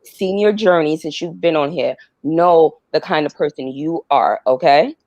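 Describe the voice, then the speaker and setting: A woman's voice: deep voice, a little slow, a little mellow, no room sound. A woman calling in to a live stream, speaking in an earnest, supportive way. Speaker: caller. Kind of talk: call-in comment on a live stream.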